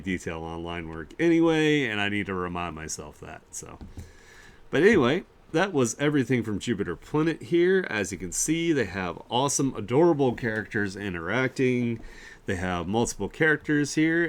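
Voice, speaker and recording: Laid-back low-voiced man streaming. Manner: laid-back and rambling, with many fillers and chuckles. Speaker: streamer hosting an art share. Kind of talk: casual live-stream chat.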